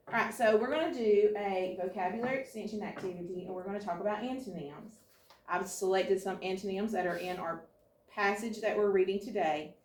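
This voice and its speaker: A woman teacher leading a class through slow, deliberate phonics drills and a vocabulary lesson. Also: medium pitch, steady tone, slight background noise. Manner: slow, deliberate drilling of words and letter sounds. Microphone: camera set up across the room. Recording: echoey classroom, recorded from a distance.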